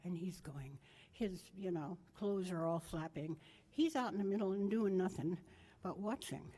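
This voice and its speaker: An older woman gives a memorial tribute, rambling through family anecdotes and correcting herself along the way. Her voice is on the low side, warm and husky, at a normal speed.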